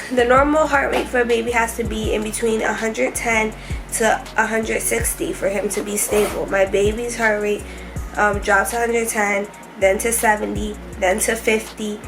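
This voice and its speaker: A young woman telling her hospital story to camera in a casual vlog, emotional and rushed, with many fillers. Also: mid-range voice, gravelly, low-quality recording. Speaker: vlogger. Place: hospital room.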